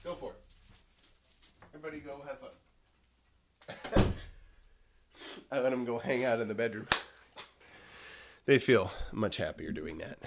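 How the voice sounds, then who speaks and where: Man hosting a home livestream; casual, rambling with fillers, cooing to his dogs. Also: mid-range voice. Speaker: livestream host. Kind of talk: casual morning livestream chat.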